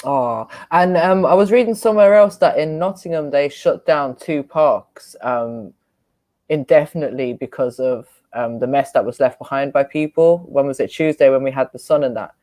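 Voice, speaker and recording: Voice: medium pitch, moderate pace, darkish tone. A speaker on a panel chat, telling news in a hesitant way with many ums. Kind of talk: casual group chat.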